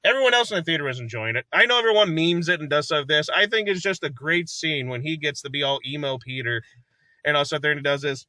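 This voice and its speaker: A man's voice: a little high, fast talker, bright, forceful tone, dry recording. A man chatting casually in a movie review, rambling and enthusiastic, laughing often and acting out lines from the film.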